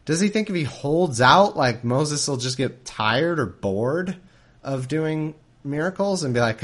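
A man's voice: a little high, very animated, normal speed. A man hosting a casual podcast, reading scripture aloud and commenting on it in a sarcastic, exasperated way. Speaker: podcast host.

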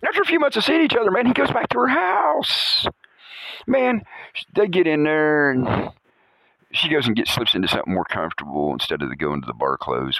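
A middle-aged man hosting a podcast, telling a crude rambling comic story with chuckles, dropping to low mutters and jumping to high exclamations. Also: creaky, sharp tone, dry recording, poor audio. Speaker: podcast host.

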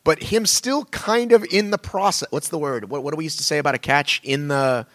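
A man co-hosting a weekly podcast in casual chat, talking in an animated, rambling way with many restarts. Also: a little high, a little fast, no room sound. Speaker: podcast co-host.

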